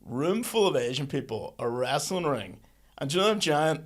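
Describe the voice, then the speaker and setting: A man's voice: fairly high pitch, sing-song, moderate pace. A young man co-hosting a casual podcast, telling a story with slangy, joking banter. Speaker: podcast co-host.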